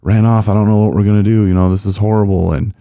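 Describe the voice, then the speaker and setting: A man voicing a panicky young farmer's son who blurts out his alarm and excitement. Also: fairly low pitch, fast talker, no room sound, clean studio sound, voice pushed up, lightly acted. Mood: panicked.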